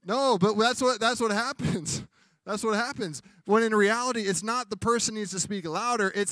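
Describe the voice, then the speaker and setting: The pastor's voice is high and a bit bright, moving at a moderate pace through a sermon where he talks conversationally and performs comic quotes. Studio quality, dry recording.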